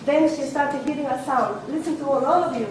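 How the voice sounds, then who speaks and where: Brief: distressed woman speaking from the floor, high voice, close to tears, caught by a distant mic in a roomy hall. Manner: halting, repeats words, pleading. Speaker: audience member at a public meeting. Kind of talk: emotional question from the floor. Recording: echoey hall, distant mic, background noise.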